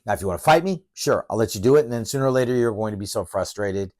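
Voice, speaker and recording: A man's voice: on the low side, expressive, rapid-fire, darkish tone, no room sound, studio quality. A middle-aged man, a professor, introducing his course in a direct, emphatic, fired-up coaching manner.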